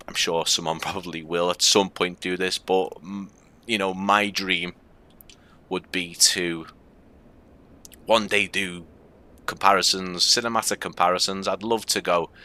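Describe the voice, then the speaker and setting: A man's voice: low voice, pushed and bright. A man with a Scouse accent giving casual, rambling commentary on a live game stream, with frequent fillers.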